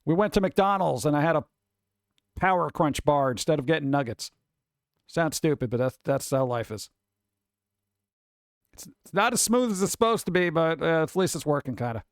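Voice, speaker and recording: Animated, rambling male streamer. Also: on the high side, moderate pace, long pauses, no echo, studio quality. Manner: rambling, offhand, reads list items aloud and riffs on them. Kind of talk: casual stream chat.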